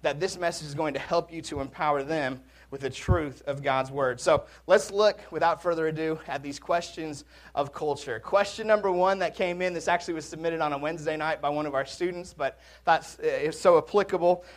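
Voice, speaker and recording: A man's voice: a little high, a little fast. A man preaching a conversational sermon in a church, with jokes and asides to the congregation. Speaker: pastor. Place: church sanctuary.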